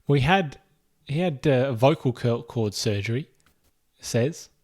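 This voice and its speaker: A man's voice: medium pitch, lively intonation, slow, a little mellow. Easygoing man chatting on a podcast. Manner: easygoing, laughs often, restarts sentences. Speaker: podcast co-host. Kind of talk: casual chat.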